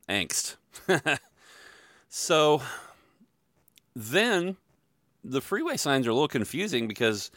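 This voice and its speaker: A man's voice: medium pitch, fairly bright tone, dry recording. A middle-aged man from the Louisville area telling a rambling, self-deprecating personal story, full of fillers and asides. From Louisville, Kentucky area. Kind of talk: casual storytelling monologue.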